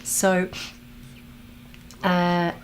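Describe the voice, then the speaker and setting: A woman hosting a fan watch-along, chatting casually, reading viewer comments aloud and telling animated anecdotes. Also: lowish voice, extremely slow, a little hiss or hum. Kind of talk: casual livestream chat and storytelling.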